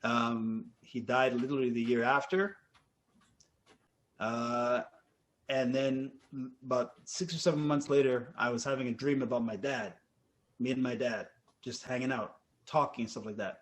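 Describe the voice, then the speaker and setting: A man telling ghost stories in a casual podcast chat, animated and acting out the people he quotes. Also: mid-range voice, moderate pace. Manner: animated, acts out quotes, laughs often.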